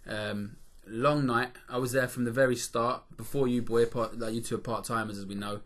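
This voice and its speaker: A man's voice: medium pitch, steady tone, moderate pace, fairly bright tone. Rambling, swearing male podcast host. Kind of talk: casual chat.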